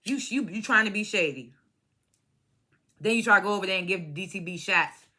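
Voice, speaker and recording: A woman's voice: mid-range voice, a little fast, bright, forceful tone. A young woman giving a blunt, profane, opinionated recap of a reality show episode, often imitating the cast members. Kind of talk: casual reality show review.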